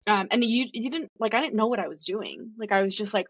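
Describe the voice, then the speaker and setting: A woman's voice: medium pitch, lively intonation, brisk, breathy edge, dry recording. A woman guest telling her story in a casual, chatty way, full of "like" fillers. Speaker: podcast guest. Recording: dull, dry lo-fi recording.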